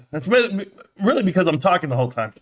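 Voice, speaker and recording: A man's voice: high voice, sing-song, a little fast. A middle-aged man hosting a casual live stream, brash and joking as he trash-talks, out of breath.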